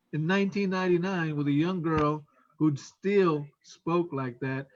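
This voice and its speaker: A man's voice: fairly high pitch, highs cut off. A man with a West Texas accent telling casual anecdotes and acting out the voices of the people in them. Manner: anecdotal, acts out quoted voices. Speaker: former immigration officer. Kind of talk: casual storytelling.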